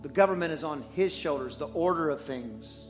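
Animated joking male pastor preaching. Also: a little high, moderate pace, music in the background. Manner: animated and joking, swings between loud and hushed. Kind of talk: sermon. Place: church.

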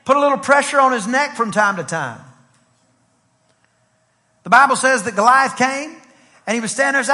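A man's voice: very high-pitched, animated, brisk, pauses often, sharp tone, in a large hall. A man, a pastor, preaching a sermon in a rhythmic style with repetition and acted-out stories. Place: church sanctuary.

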